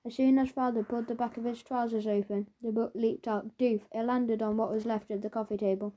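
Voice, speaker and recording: A woman's voice: fairly high pitch, brisk. Playful woman narrating a kids' audiobook. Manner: playful, expressive.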